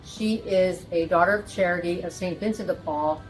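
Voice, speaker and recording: A woman's voice: fairly low pitch, moderate pace, faint music behind, poor audio. A woman hosting a casual interview, welcoming her guest and reacting with encouragement. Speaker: host.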